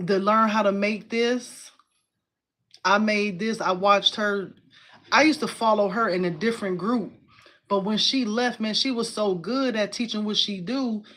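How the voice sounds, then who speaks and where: Chatty woman hosting a craft livestream. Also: medium pitch. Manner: excitable, chatty, answers viewers' comments aloud; uses y'all and informal phrasing. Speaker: crafting live stream host. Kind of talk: casual live stream chat.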